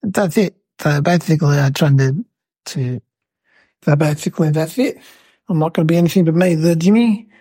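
A cheeky little boy, voiced by a woman, rambles through a silly story, peppering it with "like" and "right?". His voice sits low and gravelly with a husky edge. The recording is close and dry. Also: fairly quick, dark tone, dry recording. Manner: rambling, chatty, full of "like" and "right?". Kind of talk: storytelling to camera.

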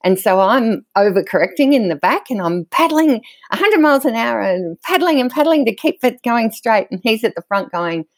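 A middle-aged woman, a guest telling stories from her own life in a candid, animated way and laughing often as she talks. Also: fairly high pitch, moderate pace, few pauses, no echo. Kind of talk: candid conversational storytelling.

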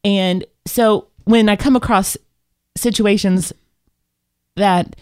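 A woman co-hosting a casual live talk show, telling stories in an animated, candid and self-reflective way. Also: medium pitch, takes it slowly, clean tone, no echo, clean studio sound. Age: adult with children. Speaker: podcast co-host. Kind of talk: casual chat.

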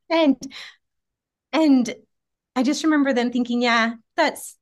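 A woman's voice: sits high, fairly even intonation, slow pace, mellow. A woman in her thirties, a guest in a casual interview, talking earnestly with frequent laughs and trailing restarts. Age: 30s.

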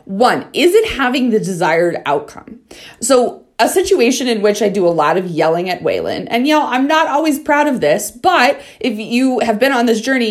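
A young adult woman hosting a dog-training podcast, talking frankly and casually, swearing freely and checking in with listeners. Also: mid-range voice. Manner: frank, swears freely, asks "okay?" often.

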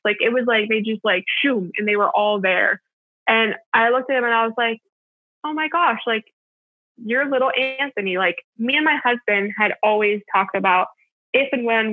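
A woman's voice: mid-range voice, no echo. Young woman, earnest rambling storyteller, heavy filler words; tinny phone-line sound. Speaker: guest telling her birth story. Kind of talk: casual storytelling.

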